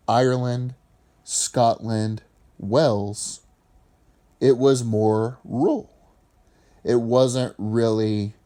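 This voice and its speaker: A man's voice: mid-range voice, mellow. A man from Appalachia, giving argumentative opinion commentary in a lecturing way. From Appalachian region of the US.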